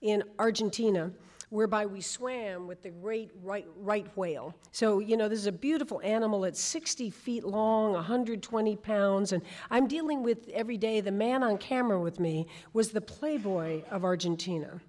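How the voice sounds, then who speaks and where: A woman in her sixties, a guest speaker telling lively, theatrical stories in a conversation on stage before an audience. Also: medium pitch, normal speed. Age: 60s.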